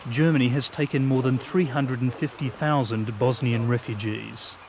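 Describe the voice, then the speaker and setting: A man reading scripted documentary narration in a measured, even way. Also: mid-range voice, noisy background.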